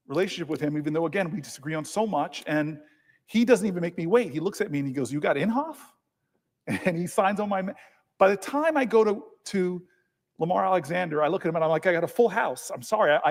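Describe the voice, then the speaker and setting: A man's voice: high-pitched, darkish tone. A man giving a long protest speech as a senator, telling stories, repeating words and building to emphatic peaks. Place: large legislative chamber. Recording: long reverb of a large chamber.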